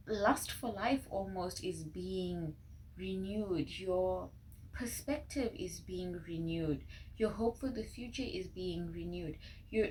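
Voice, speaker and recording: A young woman in a relaxed pick-a-card tarot reading, speaking earnestly at a middle pitch and now and then slipping into a whisper. She records on a phone mic, with a faint hiss under her voice. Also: low-quality recording. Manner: earnest, drifting into soft whispered asides. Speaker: tarot reader. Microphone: phone microphone.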